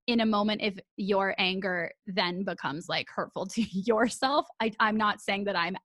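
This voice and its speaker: A woman hosting a podcast in casual chat, animated and laughing often, swearing freely. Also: medium pitch, normal speed, dry recording, clean studio sound. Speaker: podcast host.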